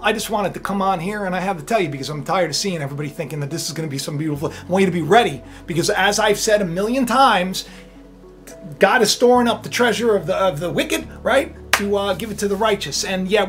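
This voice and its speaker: A man hosting his own channel, talking in a rambling, animated way and often tagging his points with "right?". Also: high-pitched, fast talker, soft background music. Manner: animated and rambling, tag questions. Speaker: channel host. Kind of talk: casual spiritual vlog talk.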